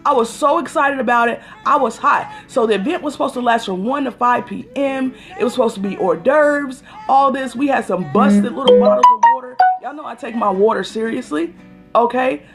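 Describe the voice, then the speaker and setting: A woman's voice: on the high side, a little fast, soft background music. A woman hosting a casual phone livestream, telling an exasperated story and greeting viewers by name as she goes. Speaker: livestream host.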